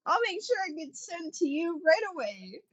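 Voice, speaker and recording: A woman's voice: very high-pitched, very animated, normal speed, fairly bright tone, poor audio. A woman playing a tabletop game in character, hesitant and full of fillers, with a sly edge. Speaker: player.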